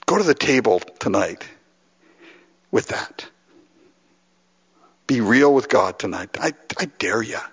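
A Los Angeles pastor delivers a sermon in a lively, swinging style, his slightly husky voice lowish and slow with long pauses. He acts out heartfelt prayers and chuckles throughout. The audio is dull and lo-fi, with long reverb fading through a large hall.

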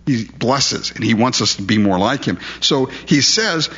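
A man's voice: mid-range voice, expressive, measured pace, fairly bright tone, slightly rough, highs cut off. A man preaching a sermon in a conversational, emphatic way, asking his listeners questions. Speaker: pastor.

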